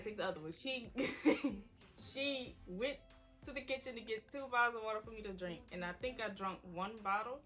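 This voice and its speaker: A woman's voice: mid-range voice, bright, forceful tone. A woman, casually telling an emotional personal story to the camera. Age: 20s. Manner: casual, quoting people in her story. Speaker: vlogger.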